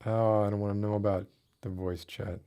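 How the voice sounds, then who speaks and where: A man's voice: lowish voice, level tone, moderate pace, mellow. A man streaming and chatting casually, ranting with mock outrage and laughing at himself. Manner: rants with mock outrage, voice rising when worked up. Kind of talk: casual chat with a live audience.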